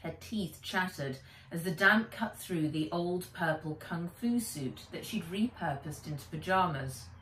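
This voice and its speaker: A woman author reading her children's book aloud in an expressive, animated way, recording in a small shed. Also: fairly low pitch, measured pace, hardly any pauses, slight background noise. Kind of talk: storybook read-aloud. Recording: echoey room, mic a bit distant.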